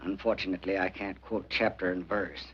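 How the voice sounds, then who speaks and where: Gruff old frontier doctor, played by a man; muffled 1940s film sound. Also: sits low, fairly even intonation, a little fast, slight background noise, close to an everyday voice. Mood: weary. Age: older. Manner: gruff, scolding. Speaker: country doctor. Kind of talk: 1940s western film acting.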